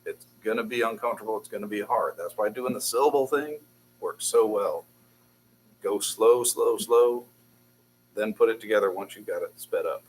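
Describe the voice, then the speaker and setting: A man's voice: fairly low pitch, quick pace, slight background noise, low-quality recording. A man teaching a beginners' Hebrew class, patiently drilling syllables and encouraging his students. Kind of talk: classroom language lesson.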